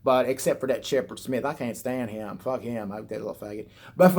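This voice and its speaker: A man's voice: mid-range voice, moderate pace, a little mellow. A man ranting on his vlog in a rambling, sarcastic and profane way. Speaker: vlogger. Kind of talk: rambling satirical rant.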